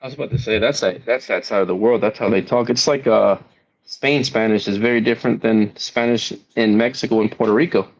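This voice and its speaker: A man's voice: lowish voice, fairly quick. Meandering man on a dull lo-fi line. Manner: reflective, meandering, says "man" often. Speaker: caller on panel. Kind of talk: casual call-in chat. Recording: dull lo-fi call-in audio.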